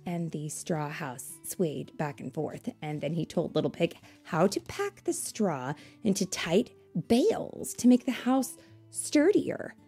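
A woman reading a picture book aloud to children, pausing to ask them questions and explain things. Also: fairly low pitch, breathy edge. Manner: asks listeners questions, warm explanatory asides.

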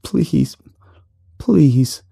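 A man voicing a raspy, desperate captive begging to be freed from the sewer. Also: on the low side, level tone, slow, warm tone, heavily acted. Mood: whimpering. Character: desperate bound man trapped in sewage.

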